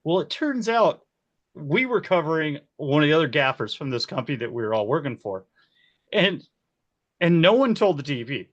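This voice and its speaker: A man in his forties, a key grip, telling set stories in a casual interview, animated and quick to laugh. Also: fairly high pitch, highs cut off. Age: 40s. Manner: animated, laughs often, acts out quoted voices. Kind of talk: casual storytelling.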